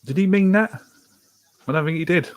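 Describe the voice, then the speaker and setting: A man's voice: high voice, brisk. A man hosting a live watch-along of a football match, reacting with frustration and reading out viewer comments. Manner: exasperated, reads viewer comments aloud. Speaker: podcast host streaming a match watch-along.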